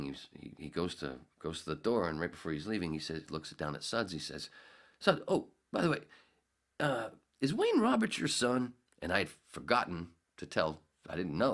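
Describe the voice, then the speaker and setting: A middle-aged man hosting a podcast, telling a long anecdote in a loose, casual way and acting out the quoted lines. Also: rumbling low. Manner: animated anecdote-telling, laughs often, acts out quotes. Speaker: podcast host. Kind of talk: casual storytelling.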